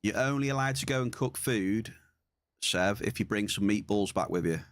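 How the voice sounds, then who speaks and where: Male streamer, lowish voice, dry close mic, relaxed banter. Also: normal speed, dry recording. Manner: chatty, reads and answers chat. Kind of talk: casual gaming stream chat.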